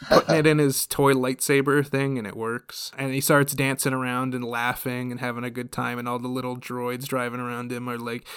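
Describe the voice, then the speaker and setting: A young man casually retelling a film to friends, animated and laughing often. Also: mid-range voice, fairly quick, few pauses, clear, resonant tone, no room sound, clean studio sound.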